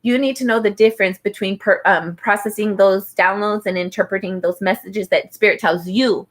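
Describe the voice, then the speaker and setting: A woman's voice: medium pitch, moderate pace. A woman giving a live-streamed tarot reading in a chatty, heartfelt way, often saying "like" and speaking to viewers by name and star sign. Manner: chatty, heartfelt, fills speech with "like". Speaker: tarot reader.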